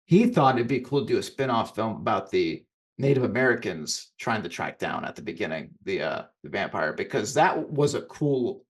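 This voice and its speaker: A man's voice: fairly low pitch, expressive, normal speed. A man co-hosting a casual podcast chat about films, rambling and often restarting his sentences. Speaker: podcast co-host.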